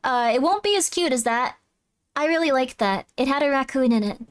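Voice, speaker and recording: A woman's voice: sits high, expressive, fairly quick, clear, resonant tone. A woman streamer chatting casually while playing, gushing and rambling with lots of apologies. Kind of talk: casual live-stream chat. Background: game music.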